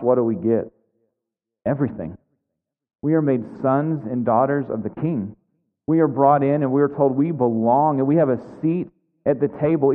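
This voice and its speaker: A man pastor delivers a sermon in a church, earnest at first and then pressing each point with fervent emphasis. The sound is thin and phone-like. It rings with the long reverb of a big hall. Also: on the high side.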